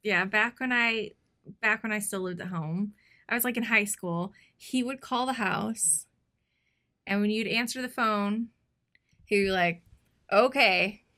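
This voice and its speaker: A young woman chats on a podcast and tells an anecdote about her family, pausing and laughing as she goes. Her pitch sits in an ordinary middle range. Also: bright, forceful tone. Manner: storytelling, laughs and trails off. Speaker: podcast guest. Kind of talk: casual chat.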